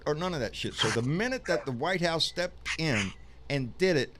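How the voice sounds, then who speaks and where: A man's voice: on the high side, lively intonation, normal speed, noisy background. A man hosting a live political talk show, talking bluntly and profanely in an emphatic, fired-up way. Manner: blunt, profane, fired-up, calls people "baby".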